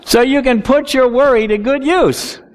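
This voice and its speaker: A middle-aged man preaching a sermon as pastor, earnest, slowing down to stress key words. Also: very high-pitched.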